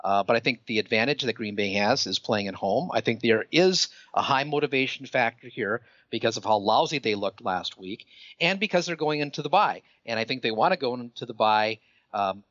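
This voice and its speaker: Male podcast co-host, casual chat, halting and repetitive delivery, dull dry lo-fi sound. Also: medium pitch, lively intonation, fairly bright tone, no echo. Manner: hesitant, repeats words while thinking.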